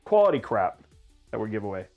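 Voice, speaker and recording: A man's voice: on the low side, very animated, a little fast, highs cut off, faint music behind. A man hosting a livestream in casual chat, rambling and joking at his own expense. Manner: rambling, playful, self-mocking. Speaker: livestream host.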